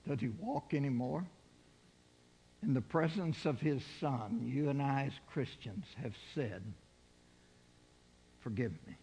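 An older man delivers a sermon at an unhurried, deliberate pace, his voice a little husky. He keeps putting questions to the congregation. His words ring out with the long reverb of a large hall. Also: medium pitch, lively intonation, warm tone. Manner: asks the congregation rhetorical questions. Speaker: preacher.

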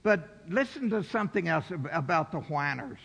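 A middle-aged male pastor preaching a sermon, stressing scripture slowly and dropping to quiet asides. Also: fairly high pitch, lively intonation, gravelly, slightly rough. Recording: long reverb from a large hall.

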